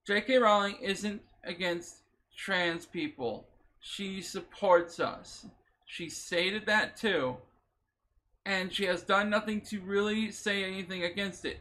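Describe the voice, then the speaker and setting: Male vlogger, high bright voice, emotional and emphatic, swears and repeats points. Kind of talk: impassioned reaction commentary.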